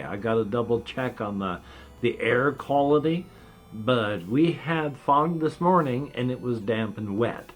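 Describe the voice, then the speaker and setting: A man's voice: mid-range voice, fairly bright tone. A man in his fifties talking in a rambling, casual vlog monologue, wry and meandering, with a slight whistle from dentures. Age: 50s. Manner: meandering, wry gallows humor, trailing off. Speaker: vlogger.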